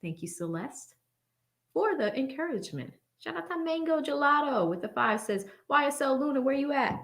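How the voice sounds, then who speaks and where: A woman's voice: sits high, animated, moderate pace, fairly bright tone. A woman hosting a casual livestream from a home studio, chatting, laughing often and thanking viewers by name as she reads their messages. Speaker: livestream host reading superchats. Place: home studio with blue backlight.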